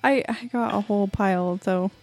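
A woman's voice: mid-range voice, normal speed, a little mellow, faint music behind. Giggly woman telling a story. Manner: chatty storyteller, giggles mid-sentence. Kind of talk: casual chat.

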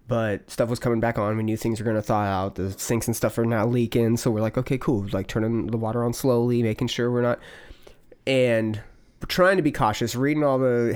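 Male podcast host, relaxed rambling storyteller, swears freely, mid-pitched. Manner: loose storytelling, swearing, many fillers. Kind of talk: casual chat.

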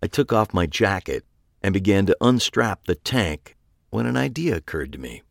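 Deep, gravelly male storyteller. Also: sing-song, normal speed, no room sound, clean studio sound. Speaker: narrator. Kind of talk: first-person audiobook narration.

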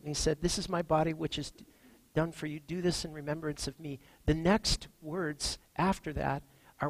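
A man preaching a sermon as pastor, earnest, reading scripture and moving between hushed and emphatic lines. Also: on the high side, no echo, rough recording.

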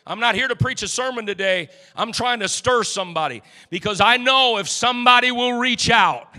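A man's voice: extremely high pitch, moderate pace, few pauses, bright, forceful tone, in a large hall. A man preaching a fervent, exhorting sermon in a church, calling out to the congregation. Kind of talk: energetic sermon.

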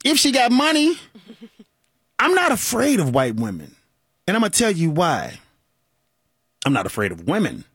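Talk host, man in his 40s, animated, slightly husky, dry close sound. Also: high voice, normal speed, long pauses, no echo. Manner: animated, joking, laughs often. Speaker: radio show host. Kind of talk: call-in talk show monologue.

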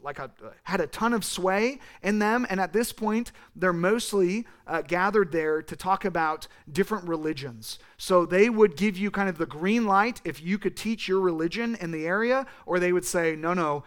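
A young man from California preaching a sermon in an animated, rambling way, with asides to the congregation. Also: high-pitched, normal speed, few pauses. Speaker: pastor.

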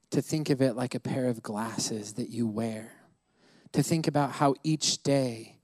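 A man's voice: mid-range voice, a little mellow, no room sound. A man preaching a sermon to his church, playful and laughing between points. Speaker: pastor. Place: church service.

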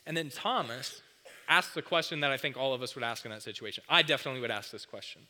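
A man's voice: medium pitch, lively intonation, fast, pushed and bright, slight background noise. A man preaching a sermon in an emphatic, conversational way, often asking the crowd questions. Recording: long hall reverb.

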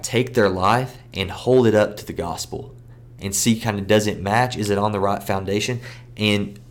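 A man hosting a campus ministry podcast, teaching in an earnest, conversational way with many casual fillers. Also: fairly low pitch. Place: seated indoors.

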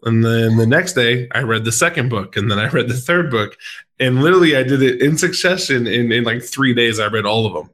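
A man's voice: mid-range voice, animated, brisk, a bit bright. Upbeat man hosting a podcast chat. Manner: upbeat and playful, with hesitant fillers. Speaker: podcast host and sports coach.

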